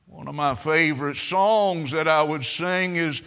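Slow, bright-voiced preacher man. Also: a little high, clear, resonant tone. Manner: storytelling, swelling into loud emphatic preaching. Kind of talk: sermon.

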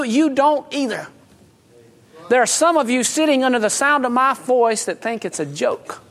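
A man's voice: extremely high pitch, a bit bright. A middle-aged man preaching a sermon, mixing folksy stories and chuckles with urgent, earnest appeals. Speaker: pastor.

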